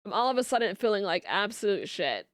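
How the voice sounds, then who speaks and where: A woman's voice: medium pitch, sing-song, quick pace, no room sound, clean studio sound. A woman streamer chatting casually with her viewers, rambling and restarting her sentences. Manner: rambling, many fillers and restarts.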